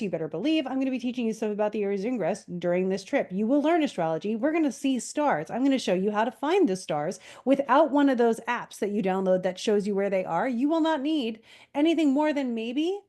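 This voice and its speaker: A young woman co-hosting a podcast, with a slightly high voice and a mellow tone. She talks with eager emphasis as she makes her pitch. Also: expressive, fast. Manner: enthusiastic, emphatic. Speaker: podcast co-host, astrology teacher. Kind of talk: casual chat, promotional pitch.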